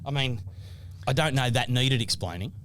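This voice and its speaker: An Australian man in his thirties co-hosting a podcast, telling stories with animated energy and mock sternness. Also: mid-range voice, normal speed, slight background noise. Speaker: podcast co-host. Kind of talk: casual banter.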